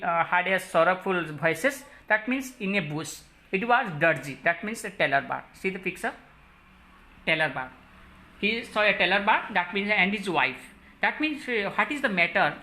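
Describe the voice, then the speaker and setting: A woman teacher with an Odia English accent, explaining a story and listing word meanings in a halting way with many fillers. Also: mid-range voice, pushed and bright. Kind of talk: classroom lesson explaining a story.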